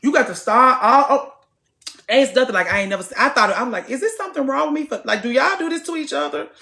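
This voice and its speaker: A woman in her late thirties with a fairly high voice, chatting casually to her viewers. Her delivery is animated and she swings between loud and quiet. She talks in a frank, salty way and swears freely. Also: fast, creaky. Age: late 30s. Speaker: vlogger. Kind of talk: casual chat to camera. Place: gym.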